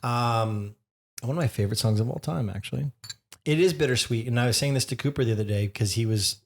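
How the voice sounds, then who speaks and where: A man in his thirties co-hosts a relaxed couple's podcast in an ordinary mid-range voice. He teases his wife with dry, deadpan asides. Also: medium pitch, fast talker. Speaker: podcast co-host. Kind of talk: casual couple banter.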